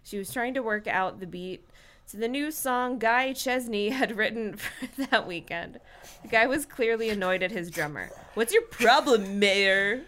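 A woman's voice: fairly high pitch, moderate pace, fairly bright tone. A woman comedically reading a teen novel aloud, giggling and mocking it between lines. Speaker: podcast co-host reading aloud.

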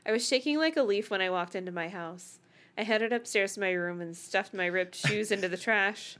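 A woman's voice: medium pitch, a little fast, fairly bright tone. A woman co-hosting a podcast, reading a novel aloud casually with laughter slipping in.

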